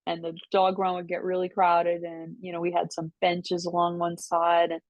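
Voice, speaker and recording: Animated older woman telling stories, dry sound. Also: fairly low pitch, moderate pace, dry recording. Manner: animated, laughing, mimics voices in quotes. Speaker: podcast guest. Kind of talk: casual storytelling. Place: New York City.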